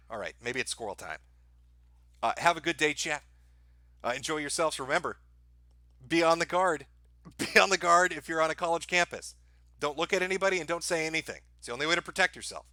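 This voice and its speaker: Bright, sarcastic man streaming from home. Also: on the high side, no room sound. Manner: dry sarcastic mock praise, swears, laughs at his own jokes. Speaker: livestream host. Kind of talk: sarcastic live-stream commentary. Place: home, dogs barking nearby.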